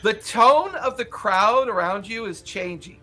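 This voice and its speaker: High-voiced lively male game master. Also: measured pace, faint music behind. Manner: animated, laughing, many "like" fillers. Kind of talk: narrating a tabletop game.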